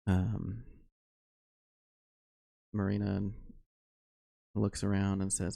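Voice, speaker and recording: A man narrating a solo tabletop game as game master, unhurried and full of fillers. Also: on the low side, fairly even intonation, creaky, mellow, dry recording.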